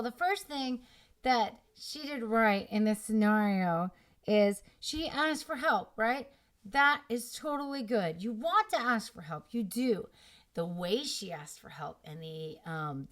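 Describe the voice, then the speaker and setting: Young woman, bright higher voice, opinionated and explanatory commentary. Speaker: relationship commentator. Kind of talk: reaction commentary on a clip.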